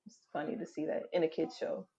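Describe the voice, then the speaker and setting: A woman in casual group chat, laughing often as she tells animated stories. Her voice sits a little low, and the recording sounds dull and lo-fi. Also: quick pace, vocal fry. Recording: dull lo-fi audio.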